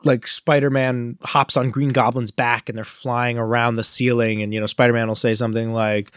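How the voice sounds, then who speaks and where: A man co-hosting a podcast, chatting casually and explaining comic lore in an animated, nerdy way. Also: medium pitch, moderate pace, hardly any pauses, smooth, dry recording, studio quality. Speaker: podcast co-host. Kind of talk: casual chat.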